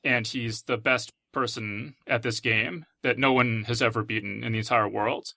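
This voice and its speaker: A male podcast host in casual chat, summing up a plot at length in a relaxed, easy way. His voice is bright and forward, and the sound is close and dry. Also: mid-range voice, moderate pace, vocal fry, dry recording.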